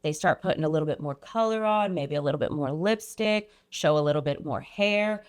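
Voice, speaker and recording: A woman guest on a podcast, earnestly recounting a personal experience, often pausing and restarting her sentences. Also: low-pitched. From Iran. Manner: earnest, halting, frequent restarts and ums. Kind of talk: personal storytelling.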